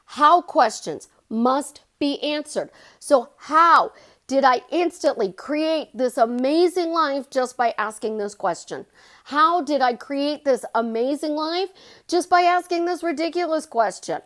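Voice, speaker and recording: Animated, high-voiced woman life coach. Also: unhurried. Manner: animated, jumps pitch for emphasis and quotes. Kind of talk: casual vlog monologue.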